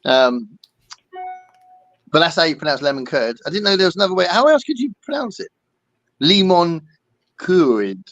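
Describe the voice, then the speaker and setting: A man's voice: a little high, sing-song, a little fast, pauses often, a bit bright, dry recording, lo-fi sound. An English man hosting a casual podcast chat, reading out viewer comments with frequent ums and laughs. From England. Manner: chatty, laughs often, many ums. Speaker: podcast host.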